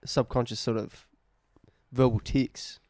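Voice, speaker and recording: A man's voice: medium pitch, level tone, slow, a little mellow, no room sound, clean studio sound. A young Australian man co-hosting a casual podcast, with a laid-back way of talking. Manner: laid-back, says "bro" and "dude" a lot. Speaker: podcast co-host. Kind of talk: casual chat.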